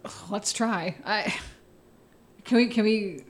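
A woman playing in a tabletop game, asking quick questions and often laughing. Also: medium pitch. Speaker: player. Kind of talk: casual tabletop play.

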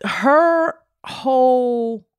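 A woman co-hosting a podcast in casual chat, animated storytelling with playful slang. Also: high voice, extremely slow, clear, resonant tone, dry recording, clean studio sound. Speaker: podcast co-host.

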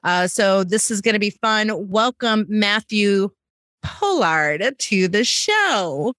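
An American woman hosting a casual talk show, her voice bright and forceful. She runs the intro at a brisk clip and laughs easily, recorded close and dry. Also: mid-range voice, expressive, no echo. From United States. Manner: bubbly, laughing, quick intro patter. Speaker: podcast host, sales trainer. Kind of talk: casual podcast chat.

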